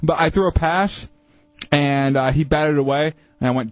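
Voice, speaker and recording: Co-host guy ranting, bit high voice, dry dull radio sound. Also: moderate pace, no echo. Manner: ranting, animated storytelling with fillers. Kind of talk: casual radio banter.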